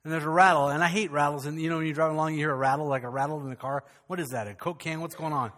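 A man's voice: on the high side, fairly even intonation, very fast, a bit bright. An older man preaching a sermon as pastor, folksy and storytelling, rising to fervent, rhythmic preaching.

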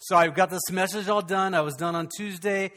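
A man's voice: sits high, steady tone, a little fast, fairly bright tone. An older man preaching a sermon as pastor, folksy and storytelling, rising to fervent, rhythmic preaching.

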